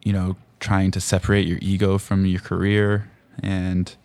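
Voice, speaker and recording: A man in his twenties hosting a casual conversation, talking calmly and thoughtfully. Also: low voice, moderate pace, no echo. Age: 20s. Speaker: host.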